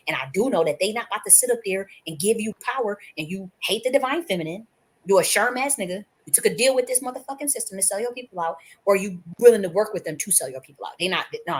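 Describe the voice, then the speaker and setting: A woman host talking off the cuff to her viewers, emphatic and profane, rambling with many restarts. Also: sits low. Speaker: channel host. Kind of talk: unscripted spiritual monologue.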